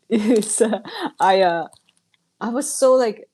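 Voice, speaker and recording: Woman streaming, talks slow and easy, dry throat, keeps clearing it. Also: medium pitch, mellow. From Japan. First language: Japanese. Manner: chatty, laughs often, clears throat a lot. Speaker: livestreamer reading chat. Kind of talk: casual live-stream chat.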